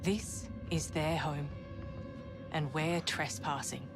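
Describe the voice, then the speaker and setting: Quiet, solemn female astronaut in a game, lowish voice over a music bed. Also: steady tone, takes it slowly. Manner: hushed, solemn. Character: solemn female space explorer.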